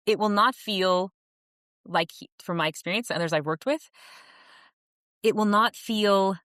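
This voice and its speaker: A woman's voice: mid-range voice, unhurried, fairly bright tone, no echo, studio quality. A woman guest on a podcast, talking in a casual, earnest, reflective way with frequent restarts and easy laughter. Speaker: podcast guest, author and coach. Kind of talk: casual interview conversation.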